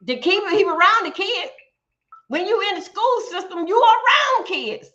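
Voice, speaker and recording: A woman's voice: very high voice, moderate pace, bright, forceful tone, dull audio. A woman hosting a livestream, giving blunt, profane ranting commentary and often stumbling over repeated words. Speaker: livestream host.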